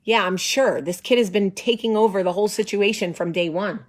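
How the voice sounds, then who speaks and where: A woman in her forties, the host, telling a story in a lively, sarcastic way and acting out the voices of the people in it. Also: medium pitch, brisk. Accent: New Jersey. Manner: animated, sarcastic, acts out voices. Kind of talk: casual storytelling.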